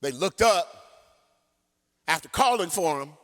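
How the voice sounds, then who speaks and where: A male pastor preaches with a high, bright voice that swoops up and down, drawing his phrases out slowly. Now and then he sings a line. Long church-hall reverb hangs after each phrase. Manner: animated storytelling preacher, sings some phrases. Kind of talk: sermon.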